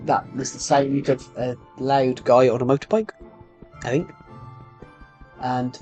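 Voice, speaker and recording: A young man rambles through a casual game stream, his throat a little sore. He talks at an ordinary middle pitch, restarting sentences and filling gaps with ums as he plays. Faint music sits underneath. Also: steady tone, a little slow, pauses often, darkish tone. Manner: rambling, chatty, with frequent restarts and fillers. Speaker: gaming streamer. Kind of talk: casual live-stream chat while playing.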